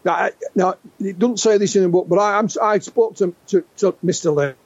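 A man's voice: high-pitched, fairly quick, no echo. An Englishman in his sixties, a UFO researcher interviewed as a guest, telling stories animatedly with frequent restarts. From England. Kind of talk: conversational storytelling interview. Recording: dull lo-fi dry sound.

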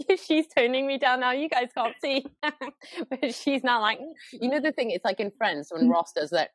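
A woman's voice: high voice, big pitch swings, a little fast, no echo. Giggly, chatty woman podcast host. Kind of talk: casual chat.

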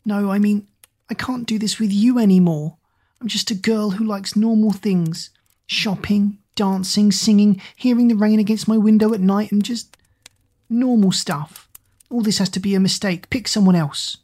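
A woman's voice: mid-range voice, fairly even intonation, moderate pace, warm tone, pitched above the performer's own voice, natural voice. A woman doing a panicky teenage girl. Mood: pleading. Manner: panicky, pleading. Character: anxious teenage girl, squeamish and dramatic.

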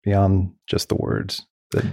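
A man hosting an interview, explaining points in a relaxed conversational way. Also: slow. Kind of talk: casual interview chat.

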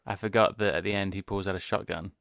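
A man's voice: sits low, steady tone, fast, gravelly, fairly bright tone, no room sound. A man co-hosting a podcast in casual chat, talking in a dry, matter-of-fact way. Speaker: podcast co-host.

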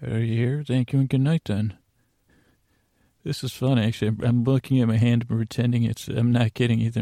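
A man hosting a podcast meant to help listeners sleep, reading out listener names in a meandering, soft, rambling way. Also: medium pitch, creaky, no echo. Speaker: podcast host. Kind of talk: sleepy listener shout-outs.

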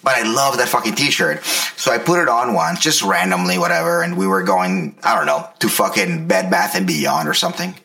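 A man's voice: medium pitch, very animated, brisk, vocal fry, sharp tone. A man in his thirties co-hosting a podcast, telling stories in a rambling, profane, casual way full of restarts. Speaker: podcast co-host. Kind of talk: casual chat.

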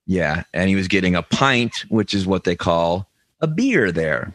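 A man's voice: low-pitched, sing-song, measured pace, a bit bright, dry recording. Joking male podcast co-host. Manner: riffing, jokey, slips into silly voices. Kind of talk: comedic banter.

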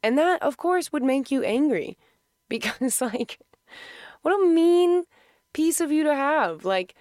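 A woman's voice: sits high, expressive, slow, a little mellow, dry recording, clean studio sound. A woman talking candidly about her emotions in a casual personal monologue, laughing often and filling with "like".

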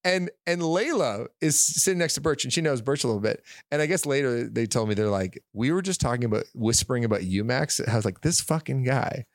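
A young man, co-hosting a podcast and telling a rambling, laughing story. His voice is gravelly and swings lively up and down. The recording is close and dry. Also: mid-range voice, fairly quick, hardly any pauses, no echo. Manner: rambling, laughing, acts out quoted dialogue. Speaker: podcast co-host. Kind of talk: casual chat, animated storytelling.

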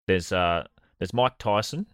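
Man, deep, sardonic podcast co-host, dry close sound. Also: expressive, unhurried, clear, resonant tone, no room sound. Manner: sardonic, profane storytelling. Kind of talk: comedic podcast banter.

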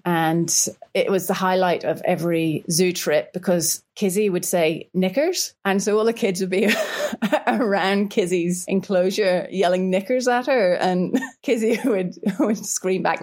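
A Northern Irish woman chatting in a relaxed storytelling way as a guest. She laughs easily, repeats her words as she gets going, and her voice has a medium pitch. Her telling is lively and unhurried. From Northern Ireland. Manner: lively, laughs often, repeats words when starting sentences. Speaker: guest artist and illustrator.

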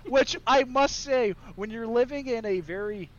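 A man's voice: very high-pitched, normal speed, fairly bright tone, muffled recording. A man telling a crude story in a casual podcast chat, laughing between lines. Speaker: podcast guest.

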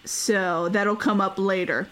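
A woman's voice: mid-range voice, steady tone, slow, fairly bright tone. Giggly woman hosting a history podcast. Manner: chatty, laughs often, many fillers. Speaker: podcast host. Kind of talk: casual history podcast chat.

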